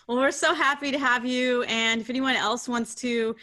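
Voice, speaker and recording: A woman co-hosting a spiritual group call, speaking in a soft, affirming way with many fillers. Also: fairly high pitch, fairly even intonation, normal speed. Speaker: co-host.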